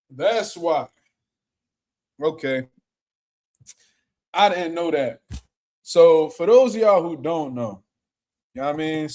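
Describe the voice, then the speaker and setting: Slangy animated man reacting to clips. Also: fairly high pitch. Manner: slangy, animated, laughs loudly. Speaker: boxing commentator. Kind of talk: casual reaction commentary.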